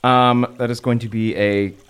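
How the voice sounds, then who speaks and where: A man's voice: mid-range voice, flat delivery, normal speed, a bit bright, smooth. Easygoing man playing a tabletop game. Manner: easygoing, hedging with likes. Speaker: player.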